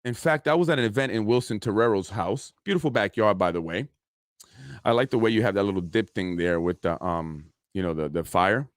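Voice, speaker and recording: A man's voice: on the low side, brisk, no echo, studio quality. A man hosting his own podcast, talking casually in an aggrieved, indignant, rambling way. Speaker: podcast host. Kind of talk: casual solo podcast monologue.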